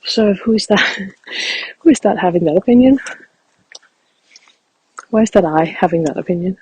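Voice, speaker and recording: A man speaking softly and reflectively as he guides a walking meditation outdoors in a field. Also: high voice, normal speed, breathy edge, poor audio. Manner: calm, reflective, soft-spoken.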